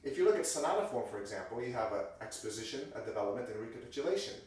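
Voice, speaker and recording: A man giving a piano lesson in a loose, conversational way, correcting himself as he goes and acting out example sentences. His voice sits at a middle pitch and sounds far from the mic, with the heavy echo of a large room. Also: big pitch swings, racing, darkish tone. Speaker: music teacher. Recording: very echoey room, voice distant from mic.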